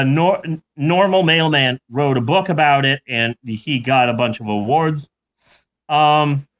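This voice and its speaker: Man, comedic storyteller, slow delivery, lively pitch, muffled lo-fi sound. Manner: rambling, jokey, slow. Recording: dull lo-fi recording.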